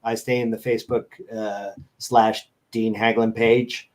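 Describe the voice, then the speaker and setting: A man's voice: on the low side, flat delivery, a little slow, a little mellow. A man chatting as a guest on a show, rambling and joking as he tells stories over a video call. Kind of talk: casual chat.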